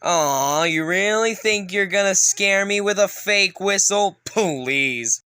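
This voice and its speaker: A voice actor playing a brash, foul-mouthed cartoon train engine who swaggers, swears and shouts insults, in a fan-made cartoon dub. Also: medium pitch, slow pace, clean tone, no room sound. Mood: mocking. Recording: loud music underneath.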